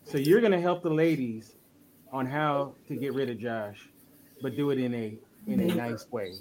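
A man's voice: mid-range voice, normal speed, noisy background. Upbeat male talk show host.

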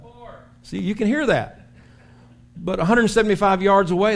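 A man preaching a sermon as pastor in a church, telling stories with lively acted-out shouts. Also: high-pitched, normal speed, gravelly. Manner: animated storytelling with acted-out shouts. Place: church sanctuary.

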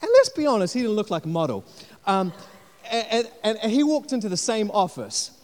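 A man's voice: high voice, brisk. Guy preaching, tells stories and acts out the voices, big echoey church sound. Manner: animated storyteller, acts out quotes. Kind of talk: sermon with personal story. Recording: long hall reverb.

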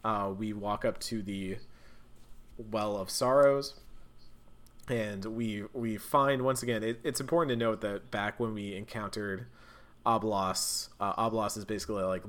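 A man's voice: on the low side, fairly even intonation, measured pace, a bit bright. A man in casual chat recapping a video game, rambling with plenty of fillers and restarts.

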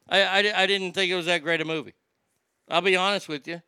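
Brisk and profane, this male stand-up rambles in a gravelly, forceful voice pitched somewhat high for a man. The audio is close and dry, with no echo.

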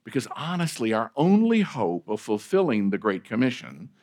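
A male pastor preaching a sermon in a conversational way, with fillers and restarts, stressing key phrases and letting sentence ends trail off quietly. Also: mid-range voice, sing-song, normal speed.

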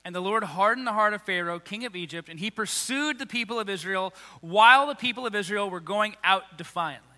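A man's voice: high voice, fairly quick, hardly any pauses, pushed and bright, big-room sound. A man preaching a sermon, reading scripture aloud and breaking into casual, emphatic paraphrase.

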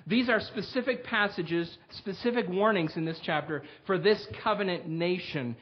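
A man's voice: sits high, moderate pace, highs cut off. A man preaching a sermon as pastor, speaking earnestly to his congregation and reading scripture aloud with rising emphasis. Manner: earnest, direct address to congregation.

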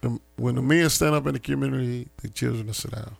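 Man, very gravelly voice, animated storyteller, street slang, dry close sound. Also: mid-range voice, fast talker, no echo. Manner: animated, loose street slang, laughs through stories. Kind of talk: casual storytelling chat.

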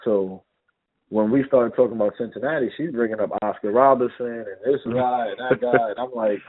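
A man's voice: mid-range voice, brisk. New York man telling stories over a phone line. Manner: animated, acts out dialogue in anecdotes. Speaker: guest, former basketball player. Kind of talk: casual storytelling interview.

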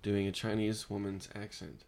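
A man's voice: fairly low pitch, flat delivery, normal speed, gravelly, a little mellow. A man co-hosting a casual comedy podcast, joking and teasing his guests. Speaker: podcast co-host.

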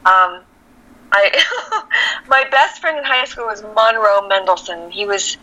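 A woman from Texas with a Californian accent, an actress speaking candidly as an interview guest and telling animated, reflective stories with easy laughter. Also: medium pitch, slow, rough recording. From El Paso, Texas. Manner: animated, reflective storyteller who laughs easily.

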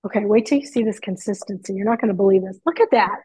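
A middle-aged woman chatting excitedly from her home kitchen over a video call, through earbuds. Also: mid-range voice, fast talker, husky, dry recording, rough recording. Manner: chatty, excitable, laughs easily. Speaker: guest.

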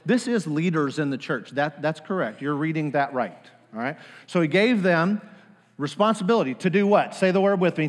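A man preaching a sermon, animated, leading the congregation in call-and-response. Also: on the high side, in a large hall. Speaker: pastor.

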